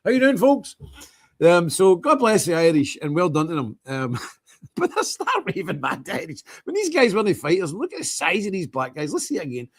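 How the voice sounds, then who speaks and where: A man's voice: sits high, wildly swooping pitch, normal speed. Blunt, emphatic male streamer. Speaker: streamer host. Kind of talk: casual livestream monologue.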